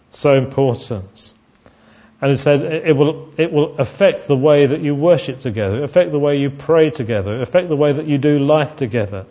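A man's voice: on the high side, normal speed, dark tone. Earnest male preacher, lo-fi sound. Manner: earnest, with frequent restarts and repeated words. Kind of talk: sermon.

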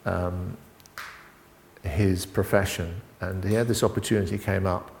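A middle-aged man preaching an informal sermon, halting and full of restarts and asides as he talks with the congregation. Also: low voice, little pitch movement, creaky, a little mellow, slight background noise. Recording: long reverb in a hall.

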